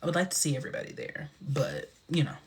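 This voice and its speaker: A young man hosting a casual livestream, chatty and animated, who laughs often and sometimes drops into a whisper. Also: a little high, fast talker, breathy edge. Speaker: livestream host.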